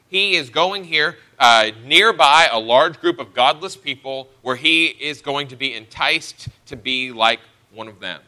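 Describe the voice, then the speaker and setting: A man's voice: medium pitch, bright, forceful tone. A man preaching a sermon, teaching through a Bible passage verse by verse with earnest emphasis.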